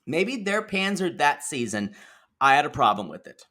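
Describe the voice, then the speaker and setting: A man co-hosting a casual recap podcast, talking in an animated, exclaiming way and calling listeners y'all. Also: a little high, moderate pace. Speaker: podcast co-host. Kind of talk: casual reality TV recap chat.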